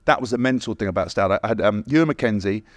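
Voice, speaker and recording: Fast-talking, sweary ex-rugby podcast host. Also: male voice, lowish voice, dry recording, studio quality. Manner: animated, swears freely, laughs mid-story, acts out quotes. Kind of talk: casual storytelling chat.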